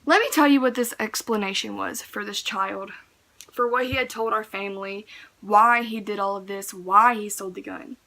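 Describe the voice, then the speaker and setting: Young woman, storytime vlog, casual chat, bright tone, animated delivery. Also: mid-range voice, moderate pace. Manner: animated, fillers like "like", swings from hushed to loud. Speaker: vlogger.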